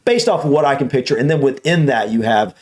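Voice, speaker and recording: A man with a mild Southern US accent, chatting casually on a reaction video, rambling and repeating words as he thinks aloud, a bit hoarse. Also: mid-range voice, expressive, fast talker. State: slightly hoarse.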